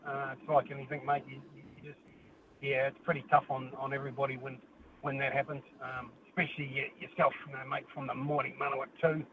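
A man's voice: mid-range voice, little pitch movement, fairly quick. A man with a New Zealand accent calling a radio show, saying "mate" constantly and restarting often. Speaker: caller. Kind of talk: casual phone-in chat. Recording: tinny phone line with hiss.

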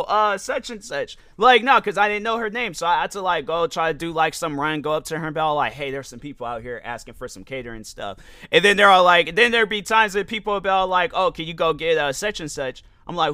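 This is a young man hosting a podcast, his voice fairly high, bright and forceful in a clean studio recording with no room sound. He tells a loose, rambling story as a casual monologue, full of fillers and restarts.

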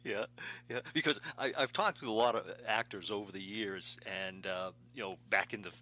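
A man's voice: on the low side, normal speed, pushed and bright, poor audio. A man interviewing an actor, easygoing, laughing along and asking follow-up questions. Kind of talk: casual interview.

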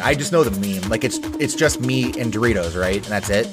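A man's voice: fairly low pitch, brisk, over loud music. A man co-hosting a podcast in casual chat, loose and profane, laughing often. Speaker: podcast co-host.

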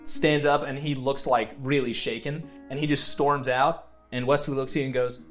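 A man narrating a tabletop role-playing game as game master, laughing often and talking quickly. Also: mid-range voice, steady tone, fairly bright tone, soft background music.

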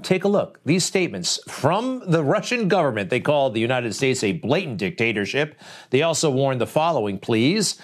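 A man's voice: medium pitch, very animated, moderate pace. A man hosting opinion commentary, emphatic and scornful, firing off rhetorical questions. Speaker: commentary host.

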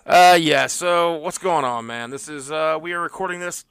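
A man's voice: a little high, moderate pace, vocal fry, a bit bright, clean tone, dry recording. A middle-aged man co-hosting a casual podcast, laid-back and joking, with plenty of "uh" and "like". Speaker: podcast co-host.

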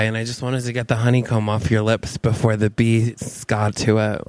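A man co-hosting a comedy podcast, making wry, deadpan quips while improvising a story. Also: mid-range voice, moderate pace, slight background noise. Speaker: podcast co-host.

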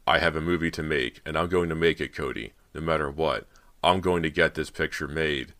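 A man voicing a stern but gentle male film director in an audiobook, speaking in a low, soothing, firm way. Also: brisk.

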